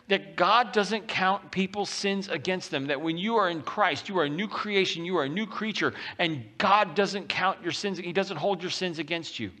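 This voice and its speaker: A man preaching a sermon as pastor, talking in a lively, conversational way and reading scripture aloud with rising intensity. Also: high-pitched. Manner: animated and conversational, often acting out quotes.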